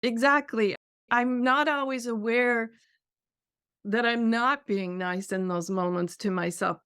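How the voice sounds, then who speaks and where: A woman's voice: on the high side, fairly even intonation, a little slow, a bit bright, clean tone, dry recording, clean studio sound. A middle-aged woman hosting a podcast, asking chatty, reflective questions. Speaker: podcast host. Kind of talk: podcast interview.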